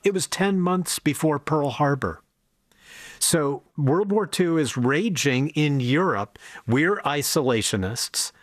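An older man hosting a conversation in a measured, thoughtful way. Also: fairly high pitch, expressive, no room sound, clean studio sound. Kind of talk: conversational interview.

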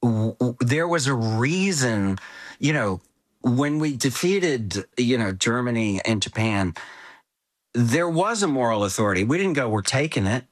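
A man's voice: medium pitch, big pitch swings, a little slow. Older man, rambling storyteller. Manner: rambling, full of asides and restarts. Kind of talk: reflective conversational storytelling.

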